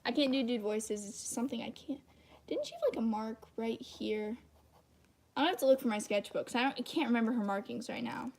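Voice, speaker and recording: A teenage girl with a high-pitched voice, rambling and self-deprecating in casual livestream chat while she draws. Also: lively intonation, brisk, vocal fry, darkish tone, slight background noise. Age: teens. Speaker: channel host.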